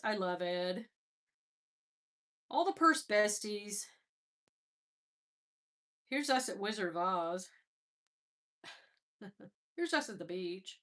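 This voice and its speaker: Chatty middle-aged woman, bright voice. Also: fairly high pitch, lively intonation, takes it slowly, pauses often. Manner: chatty, laughing, exclaiming. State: stuffy nose after crying. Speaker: livestream host. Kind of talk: casual livestream chat.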